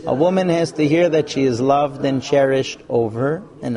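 In a live marriage class, a man talks frankly and animatedly, playing out couples' quoted lines in put-on voices. His voice is medium-pitched with vocal fry, at a moderate pace with few pauses, and the room carries crowd noise.

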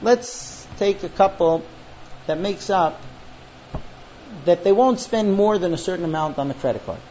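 Animated high-voiced man teaching a class. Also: unhurried, slight background noise. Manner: animated storyteller acting out quoted voices. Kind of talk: classroom lecture on marriage. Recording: dull lo-fi recording with faint ambience.

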